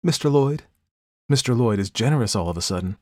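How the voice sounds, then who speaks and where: A man's voice: mid-range voice, expressive, fairly quick, a little mellow, no echo, studio quality, close to an everyday voice. A man reading aloud, voicing a jealous, proud elder sister with a cold, clipped manner. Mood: accusing.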